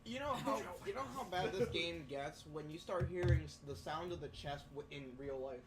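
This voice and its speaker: A man's voice: a little high, normal speed, over a noisy crowd. A young man co-hosting a casual group podcast, rambling about games with lots of fillers. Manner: rambling, filler-heavy gaming talk. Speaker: podcast co-host.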